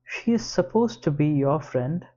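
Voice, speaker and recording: A man reads first-person audiobook narration at a slow, measured pace. His voice is mellow and dark, and the recording sounds somewhat dull and lo-fi. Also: on the high side, expressive.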